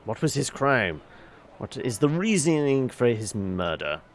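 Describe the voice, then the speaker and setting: Sex: man reading as a stern male agent. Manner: formal, halting. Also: medium pitch, big pitch swings, slight background noise. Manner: stiff formal reading with frequent fillers.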